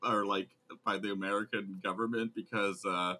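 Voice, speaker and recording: A man's voice: on the low side, level tone, moderate pace, sharp tone. A man co-hosting a podcast in casual chat, swearing casually and laughing a lot. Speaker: podcast co-host.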